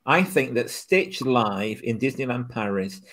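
Slow, expressive speaker chatting. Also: medium pitch. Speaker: podcast co-host. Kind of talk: casual group chat.

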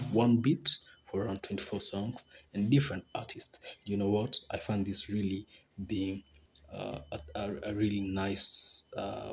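A man's voice: on the low side, slight background noise. A young man hosting a casual podcast, talking in a laid-back, rambling way with frequent laughs. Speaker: podcast host.

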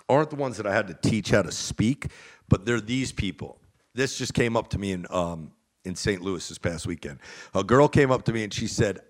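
Brash, profane man on a podcast. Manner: emphatic and profane, swinging from loud outbursts to low mutters. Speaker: podcast guest. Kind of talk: casual podcast chat.

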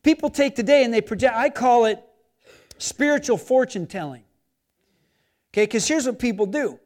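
Man, pastor, sermon, high-pitched voice, animated, acts out inner voices, loud emphasis then quiet asides. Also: normal speed.

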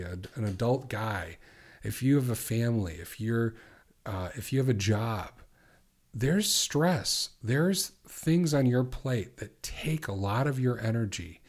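A middle-aged man hosting a podcast as a recovery coach, asking earnest questions and slowing down to repeat affirmations. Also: medium pitch, a little mellow. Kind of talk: coaching monologue.

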